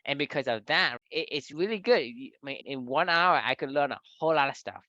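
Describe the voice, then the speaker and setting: A man's voice: mid-range voice, expressive, fairly quick, bright, forceful tone, no echo, highs cut off. A man co-hosting a podcast, explaining his ideas at length in a reflective, casual way. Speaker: podcast co-host. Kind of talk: casual discussion.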